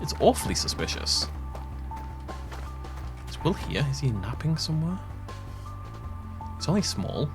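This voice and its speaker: A man's voice: fairly high pitch, very animated, measured pace, long pauses, over music. A young man giving casual, rambling, self-deprecating let's play commentary. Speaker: gaming YouTuber.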